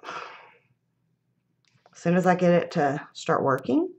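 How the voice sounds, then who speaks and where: Woman, middle-aged, lowish voice, chatty, thinking aloud, live craft demo. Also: sing-song, slow, darkish tone. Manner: chatty, self-laughing, thinking aloud while working. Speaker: craft demonstrator.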